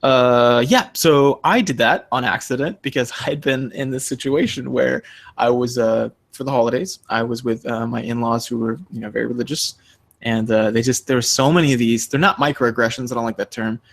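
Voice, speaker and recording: A young man co-hosting a casual podcast, telling a story with lots of animation. When he quotes people, his pitch jumps sharply and he acts them out. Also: fairly even intonation, normal speed, vocal fry. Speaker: podcast co-host.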